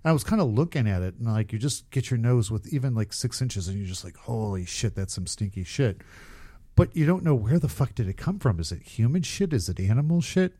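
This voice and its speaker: A man's voice: medium pitch, big pitch swings, fast, few pauses, mellow. A man casually telling a rambling, profane story on a podcast, often laughing at himself. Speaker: podcast co-host.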